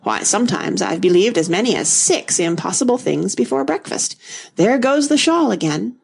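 A woman voicing a flustered, scatterbrained old queen who frets and wrings her hands, her voice rising toward a squeak. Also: very animated, moderate pace, creaky, a little mellow, breathy edge, heavily acted. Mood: fretful. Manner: fussy, fretful, rising to a squeak.

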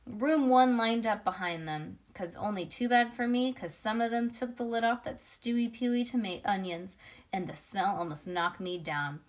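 A woman reads a children's chapter book aloud. Her delivery is lively and expressive, with the odd small slip. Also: medium pitch.

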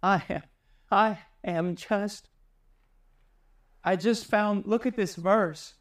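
A man preaching a sermon with passion, climbing high and loud to drive home his points. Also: slow pace, far from the mic. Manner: impassioned, rises high and loud for emphasis.

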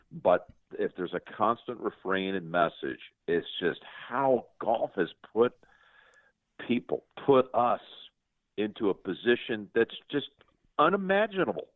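A man in his sixties hosts a relaxed interview in a very low voice, gushing and often repeating words as he stumbles ahead. The sound is tinny and narrow, like a phone line, and completely dry with no room around it. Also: no echo. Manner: effusive, stammers and repeats words. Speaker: host. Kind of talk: conversational interview.

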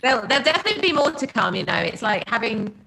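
Woman guest, bright foreign accent, rambling podcast chat. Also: on the high side, sing-song, racing, gravelly, low-quality recording. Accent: non-American English, often taken for Australian. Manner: rambling, laughing, playful with accents. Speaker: guest singer. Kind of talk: casual podcast interview. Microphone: remote call.

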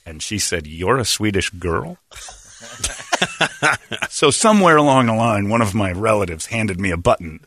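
Man, middle-aged, podcast host, jokey rambling stories, low pitch, dry recording. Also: animated, moderate pace, long pauses, fairly bright tone, no room sound. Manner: rambling, jokey, crude anecdotes. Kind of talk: casual storytelling chat.

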